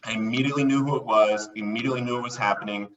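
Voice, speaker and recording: A man guest on a podcast, telling a personal story in an excitable way and acting out the voices he quotes. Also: mid-range voice, rapid-fire, distant mic, lo-fi sound. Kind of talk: animated storytelling.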